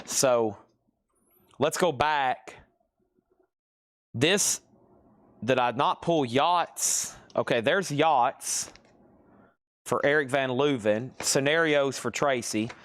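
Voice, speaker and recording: A man's voice: medium pitch, slow pace, pauses often, fairly bright tone. A man hosting a live-stream record sale, reading off titles and prices and thinking aloud as he sorts buyers. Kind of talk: live-stream auction selling.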